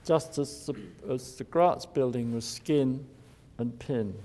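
Wry architect lecturing in a hall. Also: male voice, medium pitch, slow pace, dark tone. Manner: wry, digressive, chuckles at his own jokes. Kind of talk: informal public lecture.

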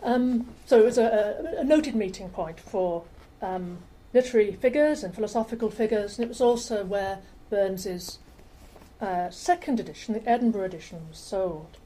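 A woman giving a public lecture with slides, chatty, with fillers and quick self-corrections, in a lecture room. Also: medium pitch, warm tone, slight background noise, rough recording. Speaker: lecturer on rare books.

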